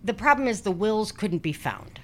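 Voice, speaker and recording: A woman's voice: medium pitch, very animated, moderate pace, fairly bright tone. A woman in her forties telling a true-crime story on a casual podcast, blunt and sweary with sarcastic asides. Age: 40s. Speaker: podcast host.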